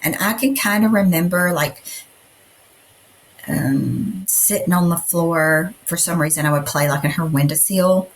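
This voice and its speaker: A woman's voice: fairly low pitch, unhurried, a little hiss or hum. A middle-aged woman co-hosting a podcast, chatting casually and rambling through personal stories with lots of fillers. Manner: rambling, storytelling with many fillers. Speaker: podcast co-host. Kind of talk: casual chat.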